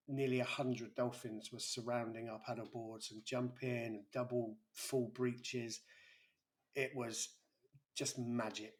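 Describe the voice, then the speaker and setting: A man in his forties, a guest on an interview, telling a personal story in a halting way with many restarts. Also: mid-range voice. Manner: halting, with frequent restarts and a breaking voice. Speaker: interview guest, YouTuber and school pastoral lead.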